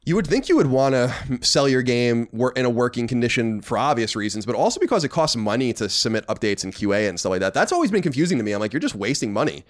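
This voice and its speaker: A man's voice: medium pitch, fast talker, few pauses. A man co-hosting a gaming podcast, chatting casually and running through news with strong opinions. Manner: animated, opinionated, swears casually. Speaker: podcast co-host. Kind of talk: casual chat and news rundown.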